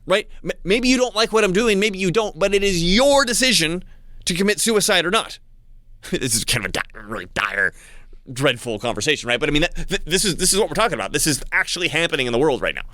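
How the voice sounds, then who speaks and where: A man talking in a casual monologue to his channel's viewers, halting with frequent restarts and repeated words. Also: a little high, sing-song, bright, forceful tone, no room sound, clean studio sound. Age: adult with young child. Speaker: channel host.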